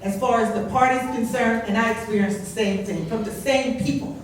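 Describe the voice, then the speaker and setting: An older woman speaks out at a council meeting, scolding and impassioned, her fairly high voice turning forceful as she presses her point. She is heard from across a very echoey room. Faint room noise sits under her words. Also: fairly even intonation, a little fast. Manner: impassioned, scolding, rising to loud indignation. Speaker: public commenter at council meeting. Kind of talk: public comment speech. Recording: very echoey distant room recording.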